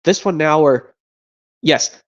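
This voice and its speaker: A streamer chatting casually between voice impressions, rambling and excitable, with some mild cursing. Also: medium pitch, takes it slowly, muffled recording.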